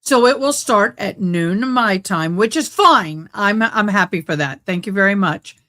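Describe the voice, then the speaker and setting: Sunlight through the window fills the home room where this YouTube livestream host talks into a nearby desk mic. She has a mid-range, slightly bright voice and speaks a little slowly, with agitated, ranting bursts during her casual stream.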